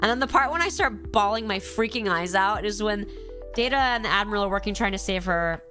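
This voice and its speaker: A congested woman chatting casually on a live stream, animated and gushing as she ranks episodes and acts out quoted lines. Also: mid-range voice, fairly quick, faint music behind.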